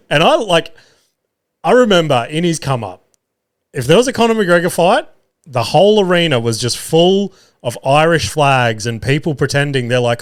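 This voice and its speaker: A man with a smooth, clean voice hosts his own podcast, talking off the cuff. He swears freely, stacks up fillers and sometimes loses his words mid-thought, all in an easygoing, chatty manner. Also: fairly high pitch, animated, normal speed. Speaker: podcast host. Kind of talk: solo casual chat.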